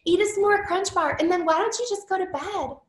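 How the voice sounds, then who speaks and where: A caring female health coach on the phone asks gentle, concerned questions, quoted by a woman telling the story. The voice is high and carries a roomy echo. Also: fairly quick.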